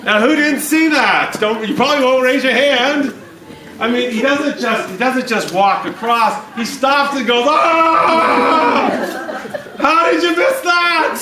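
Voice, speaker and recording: Bright-voiced man presenting to a crowd. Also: a little high, slight background noise. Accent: Northern Irish. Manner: animated, acts out reactions with sudden loud outbursts. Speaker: workshop speaker. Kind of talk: lively audience presentation. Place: seminar room with live audience. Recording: echoey room, speaker far from mic.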